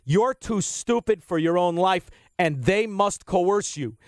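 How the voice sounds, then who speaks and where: A man's voice: high voice, lively intonation, slow, no echo, clean studio sound. A middle-aged man hosting a radio talk show, ranting bluntly and combatively with plenty of swearing. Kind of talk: opinionated talk radio monologue. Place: radio studio.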